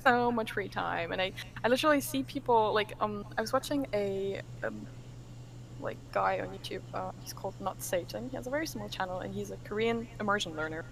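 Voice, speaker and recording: A young woman from Germany, a podcast guest in casual chat, animated, laughing often, full of fillers and restarts. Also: medium pitch, a little fast, creaky, rough recording.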